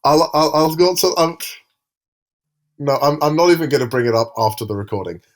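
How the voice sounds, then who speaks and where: A man's voice: fairly high pitch, a little fast. A man co-hosting a podcast in casual chat, rambling and hesitant as he describes things. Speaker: podcast co-host.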